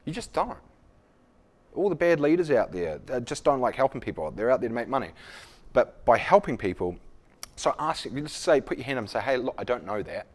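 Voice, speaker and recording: Very animated and speaking a little fast, a man with a mid-range voice leads a leadership workshop in front of a live audience. He keeps it conversational and self-deprecating while acting out example conversations.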